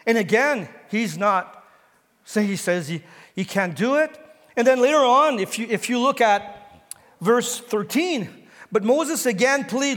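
A man's voice: very high-pitched, lively intonation, a little slow, fairly bright tone, long reverb tail. A male pastor preaching a sermon, retelling a story and asking his listeners questions, building toward emphatic exhortation. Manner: storytelling, asks the congregation questions. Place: church sanctuary.

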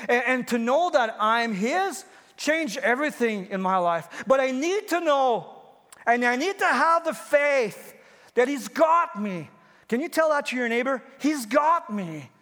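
Male pastor in his fifties with a high voice, preaching earnestly in a church with long reverb. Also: animated, a little slow, a bit bright. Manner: earnest, personal preaching with repeated phrases. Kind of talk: sermon.

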